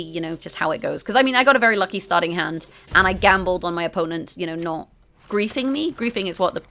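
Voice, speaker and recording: Gravelly low-voiced woman narrating gameplay. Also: fairly bright tone. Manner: chatty, explains strategy to viewers as she plays; often corrects herself mid-sentence. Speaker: gaming video host. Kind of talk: card game play-through commentary.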